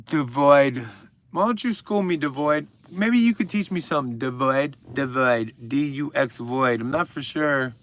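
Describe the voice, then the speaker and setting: A man's voice: medium pitch, measured pace, fairly bright tone. A man in his thirties hosting a livestream, casually reading viewer comments and answering them with crude, rambling jokes. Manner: joking, crude and rambling, addressing viewers by name. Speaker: livestream host.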